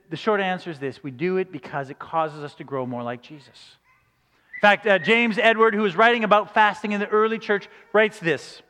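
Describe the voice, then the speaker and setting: A man with a high voice preaches a sermon in a loose, conversational way, acting out little quoted reactions as he goes. His voice rings with the long reverb of a large church hall. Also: a bit bright. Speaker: pastor.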